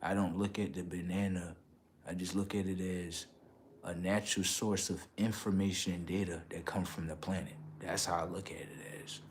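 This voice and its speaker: A man with a fairly low voice talks to his livestream audience in a loose, slangy ramble, tossing in "okay" and "right" after nearly every line. When he gets worked up, his voice climbs high and loud. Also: level tone, normal speed, slight background noise. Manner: slangy, street-casual talk. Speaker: livestream host. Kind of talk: casual livestream rant.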